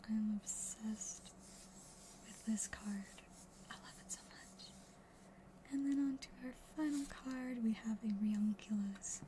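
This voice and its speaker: A young adult woman whispering softly and unhurriedly in an ASMR style while opening card packs. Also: fairly high pitch, a little hiss or hum, low-quality recording.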